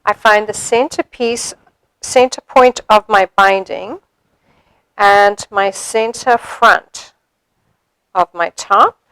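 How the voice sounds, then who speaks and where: A woman demonstrating sewing steps in a chatty way, thinking aloud as she works and filling pauses with ums. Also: medium pitch, fairly bright tone, clean tone, no room sound, low-quality recording. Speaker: sewing instructor.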